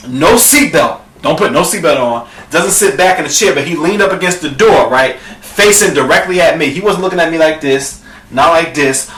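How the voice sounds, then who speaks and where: Bright-voiced young man ranting a story. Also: a little high, far from the mic, a little hiss or hum. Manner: profane, dramatic, addresses viewers as girl; bursts into shouting at peaks. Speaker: vlogger. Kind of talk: animated storytelling rant. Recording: echoey room, off the mic.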